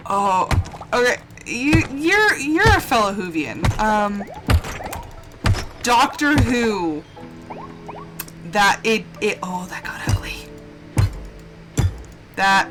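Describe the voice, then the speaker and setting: A woman's voice: medium pitch, sing-song, slow, long pauses. A young woman chatting casually while she streams a game live, gushing and emotional, laughing often and exclaiming a lot. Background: game music.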